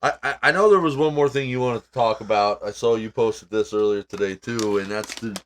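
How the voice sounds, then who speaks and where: A man's voice: on the low side, a little fast, slight background noise. A man co-hosting a casual podcast, laid-back, laughing along and steering the chat to the next topic. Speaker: podcast co-host.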